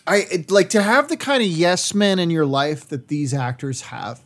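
A man's voice: fairly high pitch, normal speed, fairly bright tone. A man from Boston, an actor, talking casually and rambling, swearing freely as he chats. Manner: rambling, swearing, self-deprecating. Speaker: actor, podcast guest. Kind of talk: casual chat.

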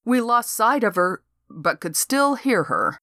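An older woman narrating a comic novel in first person, with a dry, deadpan delivery. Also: on the high side, unhurried, very noisy. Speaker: audiobook narrator.

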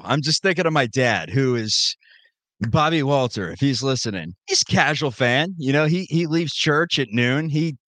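A man in his thirties co-hosting a podcast, chatting about sports with joking, animated rants. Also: medium pitch, no echo. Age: 30s. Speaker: podcast co-host. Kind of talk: casual sports chat.

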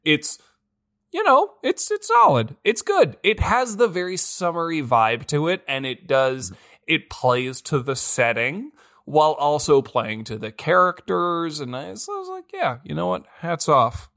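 A man's voice: a little high, sing-song, unhurried, bright, forceful tone. Rambling, laughing podcast co-host man. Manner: rambling, with many restarts and laughs. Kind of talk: casual podcast movie review.

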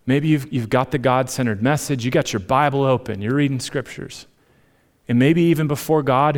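A male pastor of medium pitch gives a sermon, putting rhetorical questions to the congregation. His delivery moves back and forth between emphatic surges and gentle, quiet passages.

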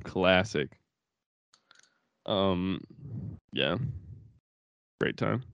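Low-voiced young man, rambling and profane. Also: animated, very slow, vocal fry, fairly bright tone, smooth, no room sound, muffled recording. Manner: rambling, profane, laughs through stories. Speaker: podcast co-host. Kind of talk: casual chat.

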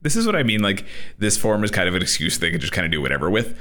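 Man, low pitch, very lively intonation, sarcastic, profane recap chat. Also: rapid-fire. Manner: animated, swearing, sarcastic. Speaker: podcast co-host.

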